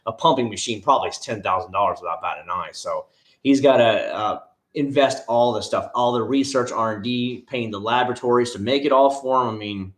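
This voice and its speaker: A man's voice: mid-range voice, brisk. Chatty man in an echoey room. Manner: rambling, chatty, with many restarts and asides; talks directly to viewers by name. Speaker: live-stream host answering viewer chat. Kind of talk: casual live-stream chat.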